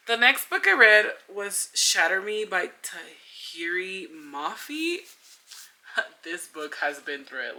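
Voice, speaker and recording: A woman's voice: mid-range voice, expressive, takes it slowly, bright, forceful tone. A young woman in a casual book review vlog, chatty and gushing, with lots of filler words. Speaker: book vlogger.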